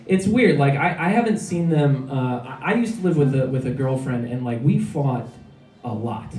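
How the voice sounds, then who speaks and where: A man's voice: on the high side, recorded from a distance, a little hiss or hum. A male comedian performing a headline stand-up set in a comedy club, rambling and self-deprecating, with lots of hesitant fillers. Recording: echoey club, taped from afar, loud crowd. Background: audience laughter.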